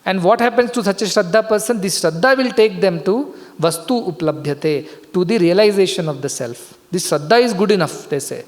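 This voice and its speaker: A man's voice: sits high, lively intonation, moderate pace. A man giving a scripture discourse as a spiritual teacher, explaining patiently and repeating key words. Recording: long hall reverb.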